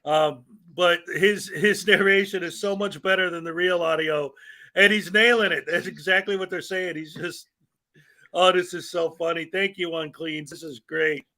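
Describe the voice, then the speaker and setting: A man's voice: high-pitched, fairly even intonation, normal speed, bright, forceful tone. A man hosting a casual livestream, chatting in an amused way about the video he is playing. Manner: amused, chatty, laughs often. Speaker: host.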